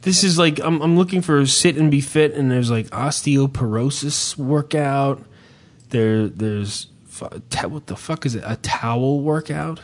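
A man's voice: mid-range voice, unhurried. A man hosting a casual chat, swearing freely and rambling through a story, with many hesitations and restarts. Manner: hesitant, repeats himself. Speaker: podcast host.

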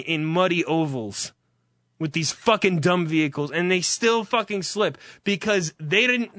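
A man's voice: sits high, a bit bright, no room sound, clean studio sound. Exasperated man in a profane rant. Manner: exasperated, heavy swearing.

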